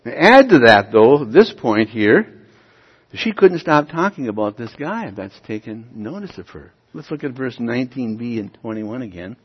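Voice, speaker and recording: A male pastor delivers an emphatic sermon, pressing his listeners with questions and swelling to loud, forceful peaks. His voice rings through a large hall with long reverb, captured on a dull, muffled recording. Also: medium pitch, big pitch swings, moderate pace, breathy edge.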